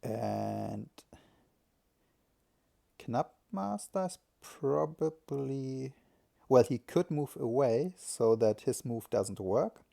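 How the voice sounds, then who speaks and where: Slow, gravelly male game commentator. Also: medium pitch, expressive, warm tone. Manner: thinking aloud, hesitant, correcting himself. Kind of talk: live solo commentary.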